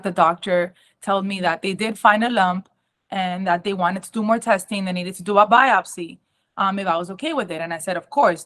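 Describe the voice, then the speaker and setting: A young adult woman giving a personal testimony at an awareness talk, emotional and halting, with many ums and restarts. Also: fairly low pitch, fairly bright tone.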